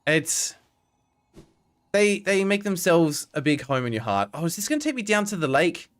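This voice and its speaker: Animated man streaming a game. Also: a little high, normal speed. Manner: chatty, talks to himself and to chat, wry asides, swears. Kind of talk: casual live-stream gameplay commentary.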